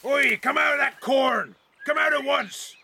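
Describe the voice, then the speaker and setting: A man voicing an angry male farmer who yells gruffly from a distance. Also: very high-pitched, a little slow, slight background noise, voice pushed up, full character voice. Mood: furious. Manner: yelling, gruff.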